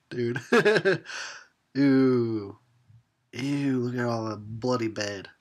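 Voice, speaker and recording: Tipsy and very slow, pausing often, a man with a mid-range voice gives a drunken movie commentary. He's crude and mocking, talking back at the characters on screen and laughing at his own jokes.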